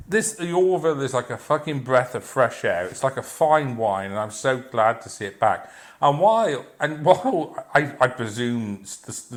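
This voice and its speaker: Foul-mouthed man ranting. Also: mid-range voice. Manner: profane, blunt and sarcastic; rambling, with restarts and filler. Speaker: video reviewer. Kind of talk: unscripted rant.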